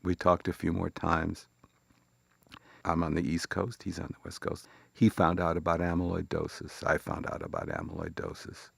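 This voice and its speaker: Gravelly older man telling a memory. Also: sits low, dry recording. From Chicago. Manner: reflective, halting, tender. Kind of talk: personal storytelling.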